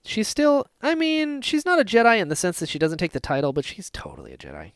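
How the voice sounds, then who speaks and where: A man in casual conversation on a podcast, his voice pitched a bit high and swinging widely as he gets worked up. He acts out moments with sudden loud exclamations. The sound is dry and close, with no room behind him. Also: fast, creaky, dry recording. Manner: excitable, acts out scenes with sudden loud outbursts. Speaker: podcast co-host. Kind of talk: casual fan discussion podcast.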